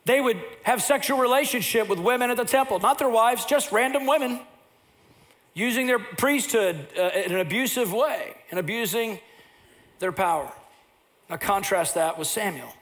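Older male preacher, high voice, animated storyteller, sermon delivery. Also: moderate pace. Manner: animated storyteller who acts out scenes. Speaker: pastor.

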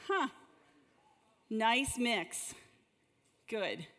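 A woman's voice: fairly high pitch, very animated, very slow, pushed and bright. A woman leading a church group session, praying and telling stories in a conversational way, often repeating words as she starts a sentence. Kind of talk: conversational church teaching with prayer. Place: large room with a gathered group. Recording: long hall reverb.

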